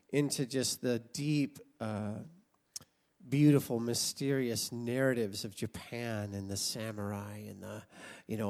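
Older american guy preaching, storytelling, acts stuff out, laughs a lot. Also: mid-range voice. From United States. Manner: storytelling, animated, laughs often and acts out past voices. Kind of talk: sermon.

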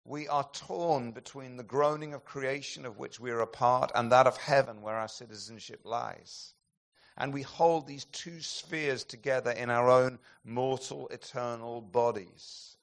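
A man preaching a sermon, telling stories with sweeping swings between loud, emphatic peaks and hushed, slowed passages. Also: medium pitch, fairly even intonation, vocal fry.

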